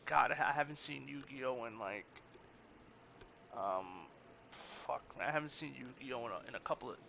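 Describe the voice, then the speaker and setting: A man's voice: mid-range voice, moderate pace, vocal fry, bright, forceful tone, slight background noise. A man casually commenting on a game he plays, rambling and profane, often restarting his sentences. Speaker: gamer. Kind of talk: gameplay commentary.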